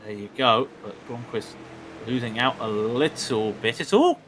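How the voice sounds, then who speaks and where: Bright-voiced male race commentator. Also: medium pitch, fairly even intonation, a little hiss or hum. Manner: chatty, bantering, quick asides. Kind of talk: sim racing commentary.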